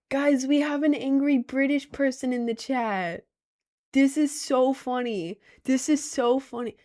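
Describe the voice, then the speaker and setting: A woman's voice: high-pitched, measured pace, a little mellow. A young woman streaming and reading her chat, giggly and rambling, full of slang and self-conscious asides. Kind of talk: casual live-stream chat.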